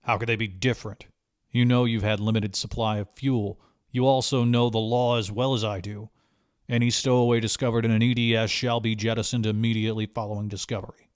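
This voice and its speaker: A man doing a gruff, blunt commander. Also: on the low side, fairly even intonation, normal speed, no echo, studio quality, natural voice. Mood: stern. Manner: curt, clipped. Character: blunt gruff middle-aged male space commander.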